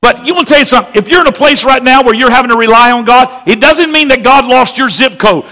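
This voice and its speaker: High-voiced pastor preaching with hall reverb. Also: male voice, fast talker, few pauses, a faint crowd. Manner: animated, swings from hushed storytelling to shouted praise. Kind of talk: sermon storytelling. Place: church sanctuary. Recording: long reverb of a church hall.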